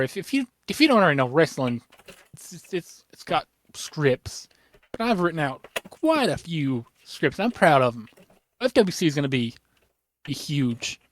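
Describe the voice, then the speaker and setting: A young man hosting a casual podcast, rambling excitedly with lots of fillers and restarts, his voice a little worn. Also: on the high side, no room sound. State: losing his voice. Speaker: podcast host.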